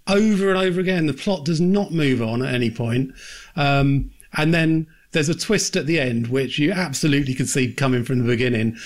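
Man, slightly high, swearing and chatty. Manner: swears freely, laughs, acts out scenes. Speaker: podcast host. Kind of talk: casual chat.

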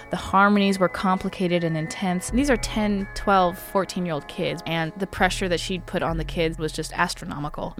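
A young woman, a radio producer, telling a personal story in a lively, wry conversational way. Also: fairly low pitch. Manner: lively, wry, laughs easily. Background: background music score.

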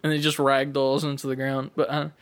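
A young man in casual chat, telling a gaming story with animated acted-out quotes and plenty of swearing. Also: medium pitch, fairly quick, clean tone.

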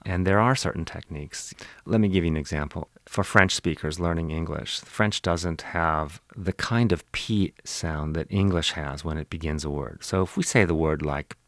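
Deep-voiced professor explaining, dry studio sound. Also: male voice, fairly bright tone, no echo. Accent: Western Pennsylvania. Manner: measured, lecturing, demonstrates speech sounds. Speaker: linguistics professor, interview guest. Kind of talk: explanatory interview answers. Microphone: studio microphone, close.

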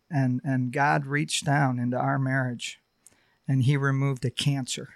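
A middle-aged man sharing a personal testimony on a podcast, halting and heartfelt, with many fillers. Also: mid-range voice, level tone, creaky, no echo, studio quality. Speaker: podcast guest.

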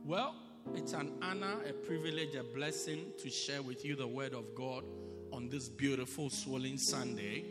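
A man preaching a sermon to a congregation, leading them in repeated shouted readings of scripture. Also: mid-range voice, normal speed, in a large hall, over loud music. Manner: builds to shouted call-and-response reading. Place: church.

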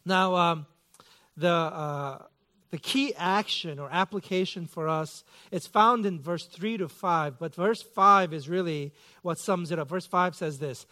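A man's voice: sits high, measured pace, sharp tone. A man in his thirties preaching a sermon as pastor, telling a self-mocking story with playful mock outrage.

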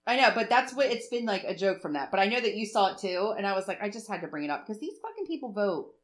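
Exclaiming woman, mid-pitched chat. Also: fast. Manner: animated, exclaiming and swearing. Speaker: podcast co-host. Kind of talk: casual chat.

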